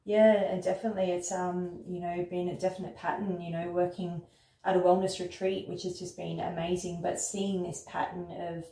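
A woman speaks in a low, even voice with little rise and fall, reflecting candidly and dotting her speech with fillers. Her tone is dark and soft. She is recorded from a distance in an echoey room. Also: normal speed, slight background noise. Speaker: wellness retreat worker. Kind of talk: conversational interview.

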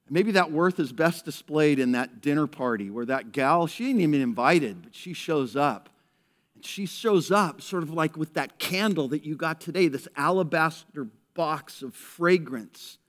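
A man preaching a sermon, his voice sitting a little high for a man. He swings between loud, excited bits where he acts out people and soft, hushed passages as he turns to prayer. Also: normal speed. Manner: animated, acts out characters in raised voice, drops to hushed prayer. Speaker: pastor. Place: church service.

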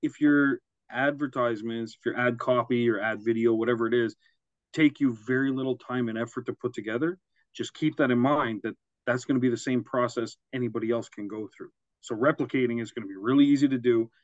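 A man co-hosting a casual business podcast, talking in loose, rambling asides and chuckling at his own jokes. His voice sits at an ordinary middle pitch. The recording is dry and slightly muffled. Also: steady tone, a little fast, no room sound. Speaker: podcast co-host. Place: Quebec, Canada.

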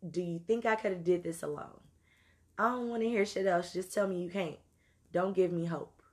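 A woman telling a story in an animated, profane way, moving between loud outbursts and low asides. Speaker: podcast host. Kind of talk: storytelling monologue.

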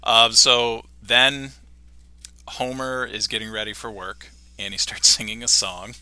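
A man's voice: mid-range voice, flat delivery, measured pace, sharp tone, clear, resonant tone, no echo. A man co-hosting a podcast, casually retelling a cartoon episode and laughing along. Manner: laughing, retelling scenes with quoted lines. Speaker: podcast co-host.

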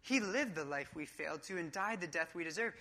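Woman preacher, bright forceful voice, slightly low pitch, emphatic sermon. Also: lively intonation, fairly quick. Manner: emphatic, coach-like preaching with casual asides.

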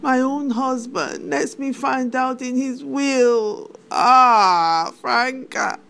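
A woman's voice: mid-range voice, lively intonation, a little slow. A middle-aged woman with a Nigerian accent playing a bitter, wounded widow in a film drama, given to indignant "eh?"s. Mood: tearful. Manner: indignant, tearful, repeats "eh?". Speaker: widowed mother.

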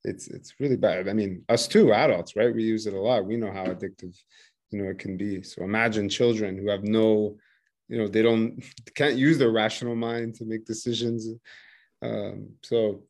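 A man's voice: on the low side, fairly even intonation, moderate pace, a little mellow. A man hosting a casual conversation as an English teacher, chatty and bilingual, laughing often between points. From bilingual English-French speaker living in France. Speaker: podcast host, English teacher.

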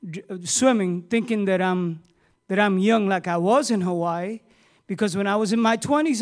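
A middle-aged man with a strikingly high voice preaches a sermon. He asks his congregation questions in a chatty way, then builds to loud, emphatic preaching. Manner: talks with the congregation, asking questions. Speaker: pastor.

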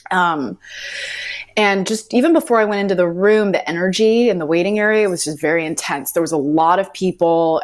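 A woman in her thirties, an actress telling audition stories in an interview, chatty with halting restarts. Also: on the low side. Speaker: actress guest. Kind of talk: casual interview anecdotes.

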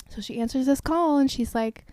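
A woman's voice: sits high, dry recording. A young adult woman co-hosting a podcast, casually recapping a TV episode and acting out the characters' lines. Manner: animated, acts out characters' lines with squeals and laughs. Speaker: podcast co-host. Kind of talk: casual chat recapping a TV show.

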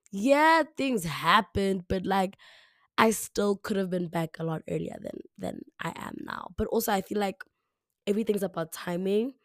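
Talking alone indoors into a camera mic, a young woman from South Africa runs a casual solo podcast with a flu-roughened voice that's hoarse, a little raspy and deeper. She's chatty, repeats things and leans heavily on "like." The recording is clean studio sound with no room sound.

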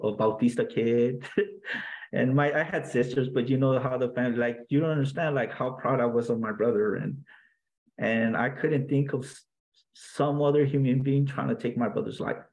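A man, a guest in an interview, earnestly recounting a personal story in a halting way, with many restarts and fillers. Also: medium pitch, darkish tone, low-quality recording.

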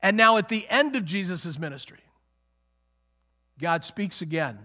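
High, bright-voiced animated male preacher. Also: a little slow. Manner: animated, emphatic, acts out quotes. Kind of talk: conversational Bible teaching sermon.

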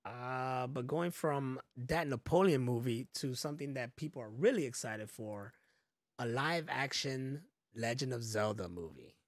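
A man co-hosting a podcast in casual chat, joking loudly and swearing freely. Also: mid-range voice, a little slow, no room sound, clean studio sound. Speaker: podcast co-host.

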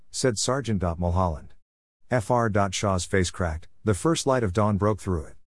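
A man narrating a comic story in an even, wry manner. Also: low-pitched, moderate pace, no room sound, studio quality. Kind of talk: storytelling reading.

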